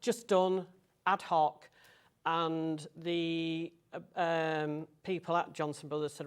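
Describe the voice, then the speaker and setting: A woman's voice: sits low, level tone, takes it slowly, clear, resonant tone. An older woman, a guest designer, chatting in a friendly way and reminiscing about her past designs. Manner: friendly, reminiscing, short agreeing replies. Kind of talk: casual chat.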